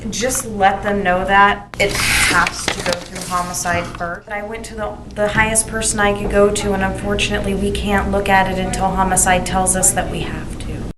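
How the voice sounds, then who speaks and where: A woman's voice: mid-range voice, flat delivery, normal speed, few pauses, noisy background. Firm, apologetic woman in an echoey office. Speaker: coroner's office clerk. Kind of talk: office conversation.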